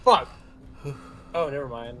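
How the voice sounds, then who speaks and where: A man playing a tabletop game, jokey and excitable, swearing casually. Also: medium pitch, measured pace, noisy background. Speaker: player.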